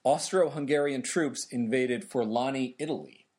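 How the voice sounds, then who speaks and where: A man's voice: mid-range voice, normal speed. Man casually explaining history. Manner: relaxed, explains events conversationally. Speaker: podcast co-host.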